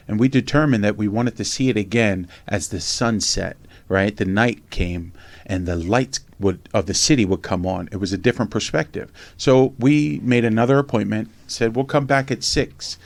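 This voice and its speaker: A man telling a lively personal story in casual conversation, acting out other people's lines and swearing casually. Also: on the low side, creaky, dry recording. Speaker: podcast host and memoir author.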